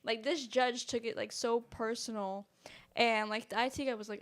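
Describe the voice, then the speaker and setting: A woman's voice: fairly high pitch, steady tone, moderate pace, clear, resonant tone. A woman co-hosting a podcast, telling a story in a chatty way with many fillers. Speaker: podcast co-host. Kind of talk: casual podcast chat.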